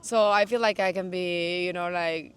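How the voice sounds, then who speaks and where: A young woman from Mexico, a guest in a casual interview, talking in a lively, passionate way full of "like". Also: lowish voice, normal speed. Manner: animated, passionate, says "like" a lot. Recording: noisy, without a mic.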